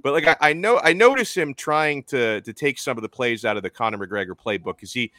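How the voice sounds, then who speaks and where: A man's voice: medium pitch, lively intonation, a little fast, pushed and bright, dry recording. A man hosting a sports talk show, chatting loosely with lots of restarts. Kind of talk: casual sports chat.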